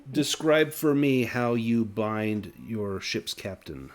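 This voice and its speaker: A man with a lowish voice runs a tabletop horror game. He narrates scenes and walks the players through rules in a measured, descriptive way. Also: expressive, crowd noise. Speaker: game master.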